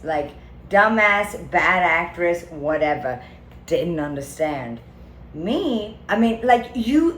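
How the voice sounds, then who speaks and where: A woman rambles through a comic vent to her viewers, theatrical and loose with swear words and fillers like "okay." She talks at an unhurried, drawn-out pace. Her voice rings in an echoey room over a faint hum of ambience. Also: on the low side. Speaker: vlogger venting to viewers. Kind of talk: comedic rambling monologue.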